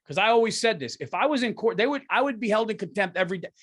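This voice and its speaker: A middle-aged man with a fairly high voice hosts a comedy podcast. He rants and swears freely, and he jumps between loose storytelling and heated outbursts. His delivery is animated and conversational. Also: rapid-fire. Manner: profane, heated, ranting.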